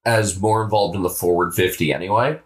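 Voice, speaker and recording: An American man co-hosting a podcast, talking about football in a relaxed, offhand way with the odd swear. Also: low voice, brisk. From United States. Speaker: podcast co-host. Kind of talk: casual sports chat.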